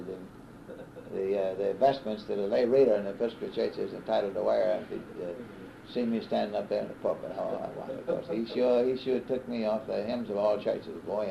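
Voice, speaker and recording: A man in his fifties with a Southern US accent, a sports broadcaster telling stories in an unhurried interview with many pauses and restarts. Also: lowish voice, creaky, slight background noise. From American South. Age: 50s. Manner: unhurried storyteller with frequent "uh" restarts. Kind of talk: reminiscing interview. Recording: dull 1960s reel-to-reel tape.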